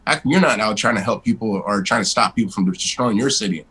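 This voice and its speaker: A man in his forties, a guest in a casual interview, telling stories in a blunt, animated way and swearing freely. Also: on the low side, fast talker, slightly rough, poor audio.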